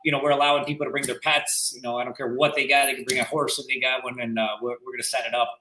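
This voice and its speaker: A man's voice: medium pitch, rapid-fire, reverberant, poor audio. A man telling a story in casual podcast chat, acting out what others said. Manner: animated storyteller acting out quotes. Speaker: real estate agent.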